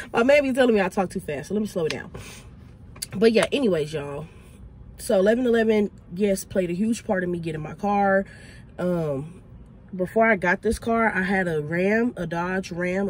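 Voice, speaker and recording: A young woman from Texas with a Southern accent, chatting quickly and excitedly to viewers from inside her car in a casual vlog. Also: lowish voice, slight background noise. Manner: fast, excitable, chatty, addresses viewers as y'all. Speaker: vlogger. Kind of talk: casual vlog talk to camera.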